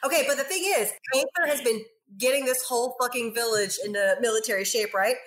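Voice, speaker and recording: Chatty lady player in a tabletop game, kinda high voice, swears a lot. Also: a little fast, a bit bright, a little hiss or hum. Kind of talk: casual tabletop play.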